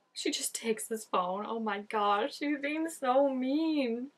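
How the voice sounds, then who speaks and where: Animated woman reacting to a TV episode. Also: sits high, slow, husky. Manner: animated, laughing often, gasps, exclaims at the screen. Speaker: TV show reactor. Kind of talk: casual reaction commentary.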